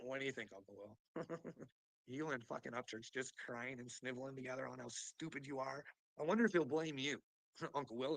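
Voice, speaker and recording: Male streamer, gravelly and bright, dry close sound. Profane, mocking rant, laughing often. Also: mid-range voice, no echo, rough recording. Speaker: live streamer. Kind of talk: rambling livestream rant.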